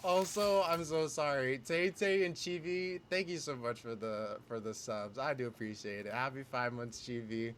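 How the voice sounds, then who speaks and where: A man's voice: medium pitch, moderate pace, hardly any pauses, slight background noise. A young man live-streaming, chatting casually and reacting with frequent exclamations and laughter. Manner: animated, exclaims often and laughs a lot.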